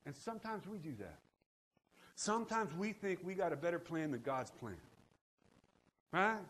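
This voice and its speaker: A middle-aged man preaching a sermon, telling the story with lively asides and calling out to his congregation for responses. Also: sits high, normal speed. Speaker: pastor.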